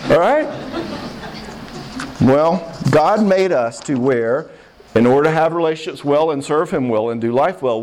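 An older man giving a lively sermon on marriage to a live crowd, conversational and playful, often checking in with the listeners. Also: mid-range voice, low-quality recording. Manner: acts out quoted voices and jokes. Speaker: pastor teaching on marriage.

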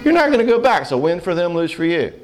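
A man giving a humorous marriage seminar talk, animated and often checking in with "all right?". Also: high voice, quick pace.

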